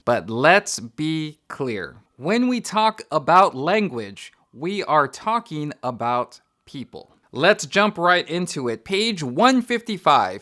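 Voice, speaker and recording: A man hosting an educational video, explaining academic theory in an energetic, conversational way. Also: on the high side. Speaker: educator and channel host.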